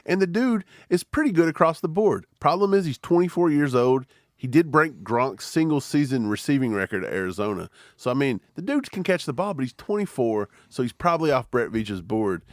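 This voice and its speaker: Man, co-host, live draft reaction, lively up-and-down voice, dry close sound. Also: medium pitch, a little fast, no echo. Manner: animated, mimics people in silly voices.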